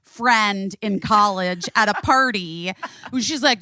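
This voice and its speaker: A middle-aged woman hosting a podcast, telling a story in casual chat, animated and swearing freely. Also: on the high side, normal speed, no echo, clean studio sound. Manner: animated, swearing, acts out quotes. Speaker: podcast host.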